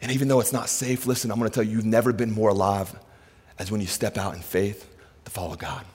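A male pastor preaching a sermon, impassioned, swinging between loud, urgent preaching and hushed asides. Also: lowish voice, flat delivery, fast talker, slightly rough. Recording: reverberant hall.

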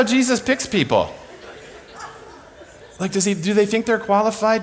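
A man's voice: high-pitched, expressive, a little slow, slight background noise. A man preaching a sermon, telling comic stories with lots of laughter. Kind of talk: sermon storytelling.

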